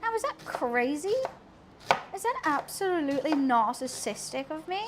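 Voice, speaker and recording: A woman's voice: high voice, sing-song, moderate pace, heavy background noise. A young woman live streaming while she cooks in her kitchen, chatting to her viewers in a self-mocking way and laughing often. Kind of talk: casual chat to a live stream audience while cooking. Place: home kitchen.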